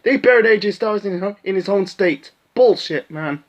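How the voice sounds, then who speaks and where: A man with a high-pitched voice rants through a casual recap, blunt and profane, leaning on "you know" and "man". The recording is a bit dull and lo-fi. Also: moderate pace. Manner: blunt, profane, frequent fillers. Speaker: wrestling commentator. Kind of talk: casual show recap rant.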